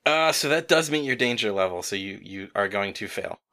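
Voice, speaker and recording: A man narrating as game master of a tabletop role-playing game, relaxed and chuckling as he tells it. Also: on the low side, fairly quick.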